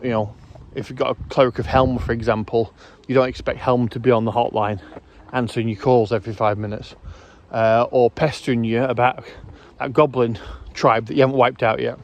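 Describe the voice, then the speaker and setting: A man hosting his own video channel, giving rambling, casual commentary outdoors, correcting himself often and filling pauses with ums. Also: mid-range voice, little pitch movement, a little hiss or hum. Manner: rambling, self-correcting, hesitant fillers. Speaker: YouTube host.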